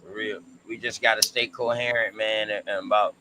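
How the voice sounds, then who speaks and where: A man co-hosting a casual history discussion stream, talking in a laid-back, slangy, drawn-out way. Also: on the low side, little pitch movement, noisy background. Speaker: co-host.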